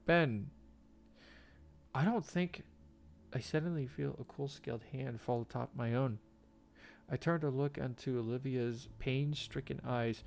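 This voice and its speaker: A man reading a game's story text aloud, slow and halting, with faint game music behind him. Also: medium pitch, fairly even intonation, vocal fry. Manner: shouts profanity at a game character; reads narration quietly and haltingly. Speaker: gamer reading a visual novel aloud.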